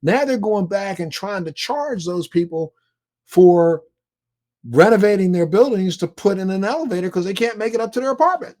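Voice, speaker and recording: Male talk host, high voice that jumps around a lot, chatty, asks straight questions. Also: lively intonation, moderate pace, darkish tone. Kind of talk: conversational interview.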